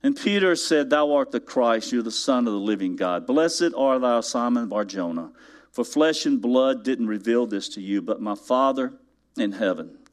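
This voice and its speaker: At normal speed and medium pitch, a pastor preaches in church through an animated story. The emphasis keeps climbing to loud, forceful peaks, and he throws rhetorical questions at his congregation.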